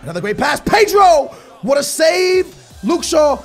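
A young man with a very high, gravelly voice calls a football video game live, swinging between yelling at plays and muttering complaints. His voice sounds strained and worn from shouting, and hip hop music plays faintly underneath. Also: moderate pace. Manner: excitable, shouting at the game, slangy. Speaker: gaming YouTuber. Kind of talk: live gameplay commentary.

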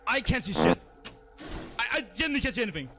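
A man streaming a horror game live, jumpy and loud, swearing at every scare and chatting with his viewers. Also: extremely high pitch, wildly swooping pitch, fast, loud music behind the voice. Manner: reads donations and chats to viewers. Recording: noisy background.

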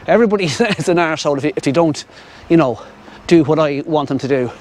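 A man's voice: fairly high pitch, animated, fast talker, a little mellow, a little hiss or hum. A middle-aged Irish man rambling chattily as he walks a riverside path, talking to his viewers and to the birds, on a clip-on mic. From Ireland. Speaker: vlogger. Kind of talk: casual walking commentary. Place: outdoors on a riverside path in a city. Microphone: wireless clip-on mic.

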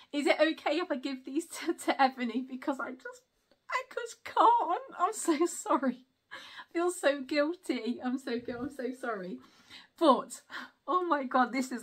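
Woman, high voice, chatty, apologetic, giggly, casual unboxing talk, home. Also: fairly bright tone. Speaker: vlogger.

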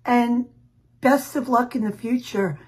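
A mother speaks slowly and softly in a recorded video message. Her voice sits a little high and carries a husky, breathy edge. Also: rough recording. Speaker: player's mother.

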